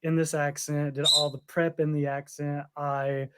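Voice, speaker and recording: A man's voice: on the high side, little pitch movement, normal speed, very noisy. A man co-hosting a podcast, telling a long story with frequent laughs. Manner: rambling storyteller, laughs often. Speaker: podcast co-host. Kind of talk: casual chat.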